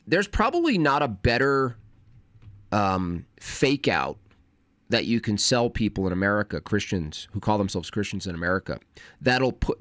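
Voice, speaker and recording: A man on a casual livestream, talking fast and wordily with frequent restarts. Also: mid-range voice, fairly bright tone, no echo. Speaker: streamer.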